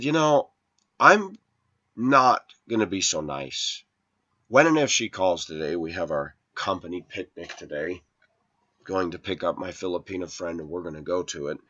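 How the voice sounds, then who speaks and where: On muffled, dull lo-fi audio, a lower-voiced man with a slightly bright tone rambles through a first-person vlog story. He's aggrieved and complaining, raising his voice whenever he quotes arguments.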